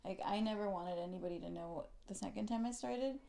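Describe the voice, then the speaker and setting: A young woman co-hosts a podcast, chatting casually and rambling with plenty of "like" fillers. Her medium-pitched voice is gravelly and dark in tone, and she talks fairly quickly.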